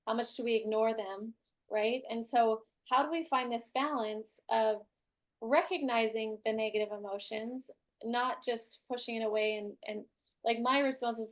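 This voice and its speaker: A woman's voice: on the high side, steady tone, normal speed. A woman hosting an online group class, talking casually with lots of "like" and "right?". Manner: chatty, many "like" and "right?" fillers. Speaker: class host.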